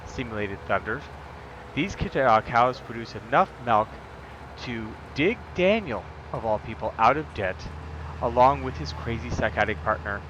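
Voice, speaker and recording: A man's voice: mid-range voice, lively intonation, moderate pace, highs cut off, noisy background. A man streaming a farming game, chatting casually in a rambling, jokey way with lots of fillers. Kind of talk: casual gameplay chat.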